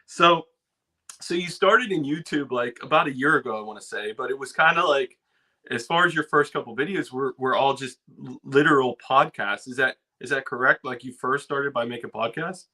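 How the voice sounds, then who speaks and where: A man hosting a casual interview, asking questions in halting starts and restarts. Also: medium pitch, bright, forceful tone. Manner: halting questions with many restarts, laughs easily. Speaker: interview host.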